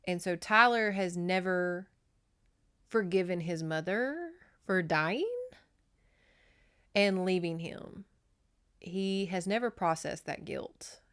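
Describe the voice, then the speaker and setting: A woman podcast host recapping a novel in a chatty, profane, animated way. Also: on the low side, slow, long pauses, clean tone. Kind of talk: casual book recap.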